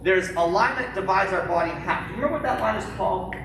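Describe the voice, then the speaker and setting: A martial arts instructor teaching a live-streamed kids' class in a studio, calling out sharp commands and joking between drills. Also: medium pitch, quick pace, recorded from a distance, background noise. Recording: very echoey studio heard from afar.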